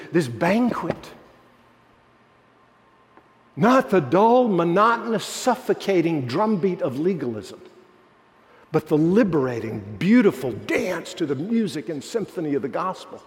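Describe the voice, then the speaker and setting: A man's voice: sing-song, a little slow. Preacher man with a long hall echo. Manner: earnest storytelling, pitch dropping low for quoted voices. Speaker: pastor. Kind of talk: sermon.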